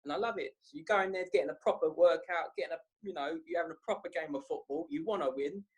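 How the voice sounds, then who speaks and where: A young man, telling rambling, animated stories in a casual podcast chat. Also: on the high side, quick pace, slight background noise. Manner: rambling, animated, slangy storyteller. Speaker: podcast guest.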